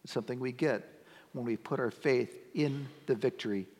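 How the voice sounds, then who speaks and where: A middle-aged man preaching a sermon as pastor, talking conversationally and building to emphatic, near-shouted points. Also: mid-range voice, moderate pace. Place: church sanctuary. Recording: long church-hall reverb.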